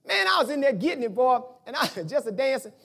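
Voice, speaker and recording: Male preacher with a high, lively voice who slips into folksy talk and sudden shouts. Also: fast talker, vocal fry, breathy edge. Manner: animated, colloquial, bursts into shouts. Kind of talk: sermon.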